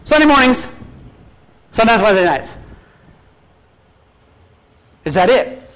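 Guy pastor with a pretty high voice, chatty sermon, keeps asking the congregation stuff. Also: sing-song, measured pace, a bit bright, rough recording. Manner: conversational, asks the congregation many questions; quotes scripture at an easy speaking pace.

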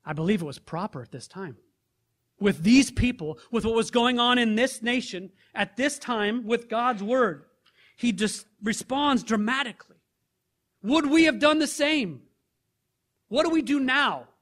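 High-pitched and preaching, this man reads a scripture passage and then pushes his hearers with rhetorical questions, alternating between loud surges and soft drops.

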